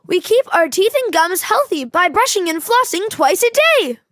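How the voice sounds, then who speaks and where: A woman narrating a children's educational program in a clear, teacherly way. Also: extremely high pitch, animated, moderate pace, fairly bright tone, no echo, studio quality. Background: faint music.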